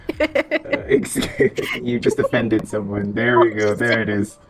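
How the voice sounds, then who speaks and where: Deep-voiced laid-back male podcast host. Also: a little slow, noisy background. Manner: loose, swearing, laughs often. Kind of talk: casual chat with a co-host. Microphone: online voice chat.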